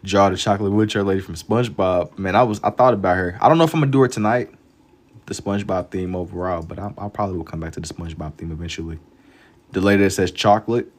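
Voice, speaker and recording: A laid-back young man talks loosely with his live-stream chat as he draws, dropping slang between thoughts. His voice sits a little low. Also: fast talker. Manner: laid-back slang-heavy banter, reads chat aloud. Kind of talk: casual live-stream chat while drawing.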